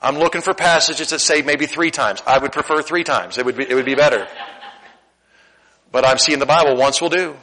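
A middle-aged man preaching a sermon in a church, his voice a touch high and bright with an edge. He is candid and animated, swinging from loud emphasis down to quiet asides. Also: a little fast, poor audio. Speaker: pastor. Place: church sanctuary.

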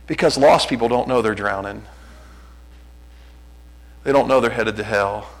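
A man's voice: medium pitch, measured pace, poor audio. A middle-aged man preaching a sermon as a pastor, conversational and self-deprecating, often restarting his sentences.

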